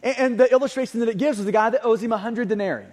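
A man preaching a sermon, emphatic, repeating key phrases and swinging between loud and hushed. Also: extremely high pitch, rapid-fire. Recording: long hall reverb.

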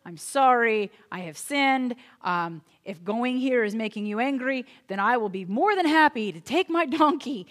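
A woman voicing a sheepish man who talks low and hurriedly as he apologizes. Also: lively intonation, moderate pace, hardly any pauses, lightly acted. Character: sheepish male seer backing down, low voice.

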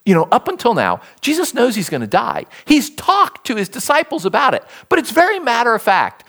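A male pastor preaching a sermon, animated and emphatic, repeating key words for stress. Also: extremely high pitch, moderate pace, hardly any pauses.

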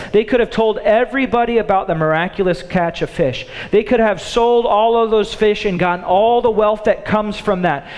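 A man preaching a sermon in an animated way, acting out the thoughts of the people in his story. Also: sits high. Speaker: pastor. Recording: long hall reverb.

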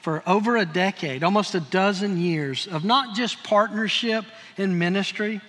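In a church sanctuary with long hall reverb, a pastor makes church announcements, thanking a guest and encouraging the congregation to take a next step. His voice is high and fairly bright, at a moderate pace.

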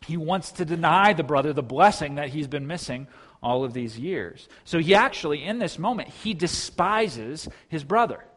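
A man's voice: a little high, animated, normal speed, a bit bright. Earnest man preaching a sermon. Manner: earnest, with frequent restarts. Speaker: pastor.

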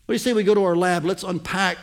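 A high-pitched man preaches to his congregation, walking through a passage point by point. He keeps asking whether they are following him, and he slows right down to land the key phrases. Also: fairly even intonation. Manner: teaching, asks the congregation to follow along. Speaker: pastor. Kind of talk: sermon.

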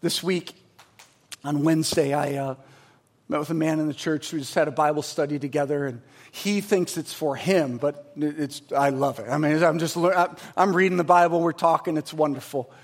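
Preaching with lively stories and emphatic, climbing phrasing, this forties-aged pastor keeps a moderate pace. His pitch is a little on the high side.

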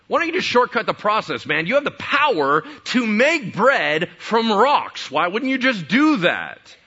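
A man acting out a smooth-talking male devil tempting someone with easy shortcuts. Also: high-pitched, sing-song, a little slow, bright, forceful tone, highs cut off, pitched above the performer's own voice, exaggerated voice. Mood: coaxing. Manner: coaxing, pushy, casual.

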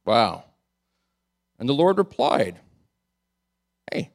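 A male pastor delivering a sermon in a voice of ordinary middle pitch. He retells the scripture with animated, amused energy and breaks into chuckles along the way. He restarts and doubles words as he leans into a point. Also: slow pace, pauses often.

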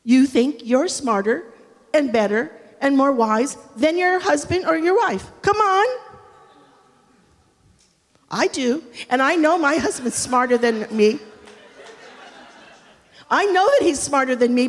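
A middle-aged woman pastor delivers a lively sermon in a fairly high voice, mixing humor with conviction. She acts out quotes, dropping to a hush and then rising loud again. Her voice rings out with the long reverb of a large hall. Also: unhurried, long pauses. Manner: animated, humorous, acts out quotes with big shifts in loudness.

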